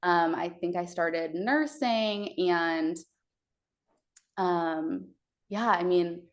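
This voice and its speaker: A woman's voice: on the low side, very slow. A young woman from Texas, a podcast guest telling her birth story, with many hesitant fillers.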